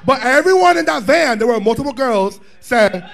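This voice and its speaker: High-voiced sassy man telling a story loudly. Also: lively intonation, moderate pace. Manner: sassy, loud, profane storytelling with laughs. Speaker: drag performer guest. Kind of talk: animated live panel chat. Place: bar viewing party.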